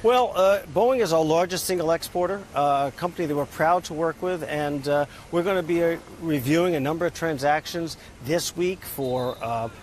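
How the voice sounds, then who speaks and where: A man's voice: a little high, moderate pace, hardly any pauses, slight background noise. A man in a news interview, answering as head of an export bank, upbeat and dotted with "uh" fillers. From United States. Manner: upbeat, talks in figures, frequent "uh" fillers.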